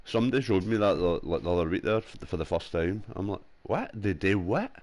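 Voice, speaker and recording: A young Glasgow man from Scotland chats casually over a headset while gaming, swearing freely and laughing often. His voice is deep, a little mellow, and fast, recorded with no room sound.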